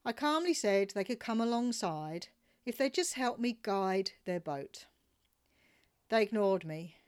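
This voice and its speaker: A woman reading her travel memoir aloud with wry, expressive storytelling. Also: mid-range voice, measured pace, clean tone. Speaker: narrator.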